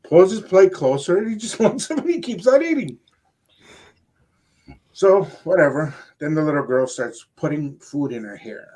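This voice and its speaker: Older man, radio co-host; rambling, animated storyteller, casual chat. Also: a little high, normal speed. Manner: animated, rambling anecdote with quoted asides.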